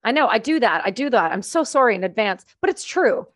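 A woman's voice: on the high side, very animated, brisk, no room sound, clean studio sound. Blunt, playful Canadian woman. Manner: blunt, profane, playful ranting. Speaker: guest. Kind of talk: casual chat.

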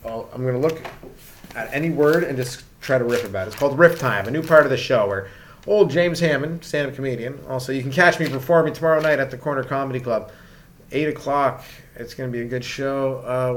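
A man's voice: medium pitch, a little fast, slight background noise. A young man from Canada, a stand-up comedian, rambling through a casual comedic rant full of swearing and "like" fillers.

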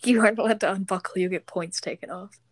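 A teenage girl co-hosting a casual podcast, answering her friend with dry, deadpan quips. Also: medium pitch, fast. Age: teens. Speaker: podcast co-host. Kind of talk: casual chat.

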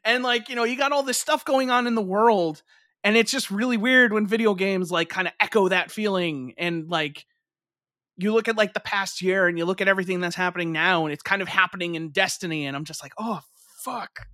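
A man's voice: high voice, fairly quick, bright, forceful tone, no room sound, clean studio sound. A young man co-hosting a podcast in casual chat, rambling with lots of fillers and swearing freely.

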